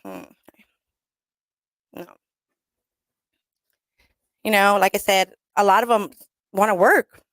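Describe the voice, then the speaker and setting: A woman's voice: mid-range voice, animated, slow pace, pauses often, fairly bright tone, no room sound. A woman hosting talk radio in a blunt, rambling, profane way, laughing often and mixing in Spanish slang.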